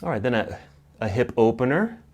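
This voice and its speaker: A middle-aged man teaching a yoga class, calmly cueing poses and breaths, slightly out of breath. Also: mid-range voice, fairly quick. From United States. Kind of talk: guided yoga class instruction.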